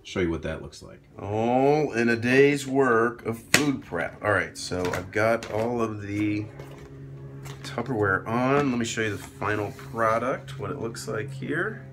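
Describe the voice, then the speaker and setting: Speaking unhurriedly at a fairly low pitch, a doctor chats his way through a meal-prep vlog in his own kitchen. He stays upbeat and makes fun of himself. The background is noisy, with kitchen sizzle.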